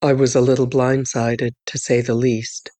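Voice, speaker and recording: A woman voicing a groggy husband apologizing on a phone call in an audiobook, speaking in a lowered voice with hesitant, conciliatory phrasing. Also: flat delivery, normal speed, dark tone. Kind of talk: audiobook character voice.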